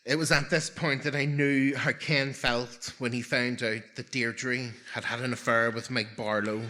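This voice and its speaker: A man's voice: mid-range voice, little pitch movement, a little slow, sharp tone. A man in his forties telling a personal story live on stage, with wry, self-mocking humour and comic timing.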